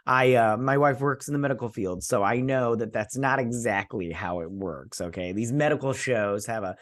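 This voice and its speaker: A man's voice: medium pitch, normal speed, dry recording, clean studio sound. A man casually recapping a TV episode as a reviewer, rambling with many fillers and restarts and acting out characters' lines. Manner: animated, acts out characters' lines. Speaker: TV show reviewer.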